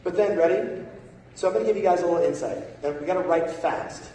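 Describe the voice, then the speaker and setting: A man's voice: high voice, quick pace, warm tone, a little hiss or hum. A man giving a motivational sales talk in a large conference hall, punchy and constantly checking in with the crowd. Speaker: keynote sales speaker. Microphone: phone recording from the audience. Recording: echoey hall from far off.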